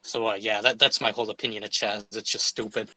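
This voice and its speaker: A young man as a guest in a casual livestream chat, opinionated and halting, with repeated words. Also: on the low side, flat delivery, pushed and bright, dry recording, low-quality recording.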